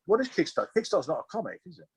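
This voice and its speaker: A man's voice: sits high, very animated, rapid-fire, noisy background. A middle-aged man from Oxfordshire, a comic artist chatting as an interview guest, rambling and swearing freely with many restarts. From Oxfordshire, England. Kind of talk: casual interview chat.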